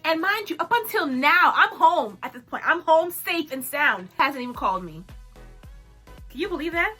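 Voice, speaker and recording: A young woman vlogger telling a story in an animated, dramatic way, laughing often. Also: sits high, normal speed, faint music behind. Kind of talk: storytime chat.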